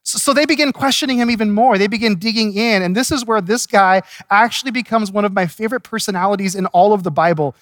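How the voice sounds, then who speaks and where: High-voiced man preaching a sermon. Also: quick pace, hardly any pauses, no echo, studio quality. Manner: lively storytelling, chuckling at the text. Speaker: pastor. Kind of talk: expository sermon.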